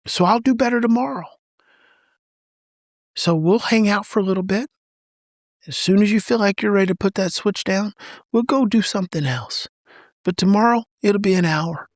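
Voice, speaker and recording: A man's voice: high-pitched, moderate pace, long pauses, no echo, clean studio sound. A middle-aged man, a parenting expert as podcast guest, explaining in an emphatic, repetitive teaching tone. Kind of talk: podcast interview.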